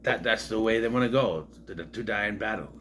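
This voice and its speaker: A man's voice: fairly low pitch, brisk, fairly bright tone, slight background noise. A man talking through an episode in a loose, rambling, casual retrospective. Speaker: show reviewer.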